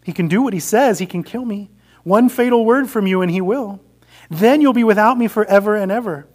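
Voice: medium pitch, brisk, darkish tone, voice pushed up, natural voice. A preacher voicing a pleading, wheedling male lizard creature in a sermon story. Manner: begging, bargaining.

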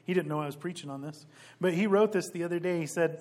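Emphatic man preaching a sermon. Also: on the high side. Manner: emphatic, slows for key phrases; rises loud on quoted scripture. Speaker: pastor.

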